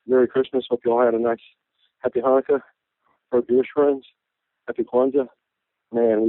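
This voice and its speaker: A man's voice: mid-range voice, dry recording. A man on a tinny, dry phone line, emotional and nostalgic. He keeps dropping "man" into his sentences while he reminisces. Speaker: caller. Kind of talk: emotional fan call-in.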